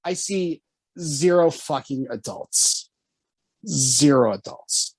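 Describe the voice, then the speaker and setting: A man telling a story on a casual podcast, animated and swearing often, jumping high when quoting himself. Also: slow pace, husky, no room sound. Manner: animated, swears often, jumps to high pitch for quoted lines. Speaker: podcast co-host.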